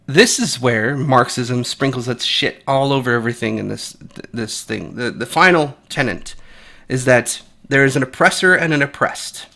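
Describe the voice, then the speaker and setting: Blunt, bright-voiced man. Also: medium pitch, normal speed, creaky. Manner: blunt and profane, rambling with restarts. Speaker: commentary channel host. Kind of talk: opinionated casual commentary.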